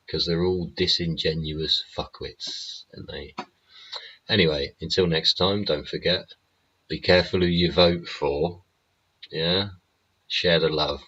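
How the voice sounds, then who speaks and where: A man with an extremely deep, husky voice delivers a rambling live-stream monologue. His tone is sharp and forceful, and he swears bluntly throughout. The audio is dull and lo-fi. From England. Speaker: show host.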